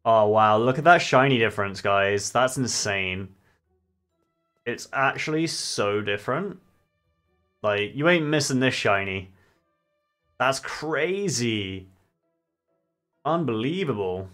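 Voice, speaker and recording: A man's voice: mid-range voice, lively intonation, slow pace, pauses often, a bit bright. A young man chatting casually and swearing freely while livestreaming a game. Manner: chatty, swears casually, sings along to music. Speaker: streamer. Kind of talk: casual gaming livestream chat. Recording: faint music behind.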